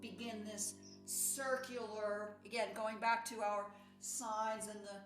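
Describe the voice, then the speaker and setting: A woman's voice: mid-range voice, flat delivery, takes it slowly, soft background music. Reflective woman pianist, echoey room. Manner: thoughtful, searching, many restarts and fillers. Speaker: pianist giving a talk. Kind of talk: reflective lecture talk.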